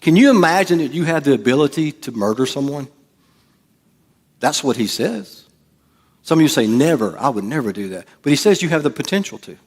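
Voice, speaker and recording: A middle-aged man, preaching a sermon as pastor, swinging from hushed asides to loud, animated delivery. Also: a little high, fairly quick, pauses often, in a large hall.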